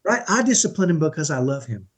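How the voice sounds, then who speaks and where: A middle-aged man with a somewhat high, husky voice talks as a guest in a conversational interview. He speaks earnestly and with emphasis, often checking in with the listener. His tone is that of a parenting coach explaining a point. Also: big pitch swings, fast. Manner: emphatic, earnest, keeps asking "right?".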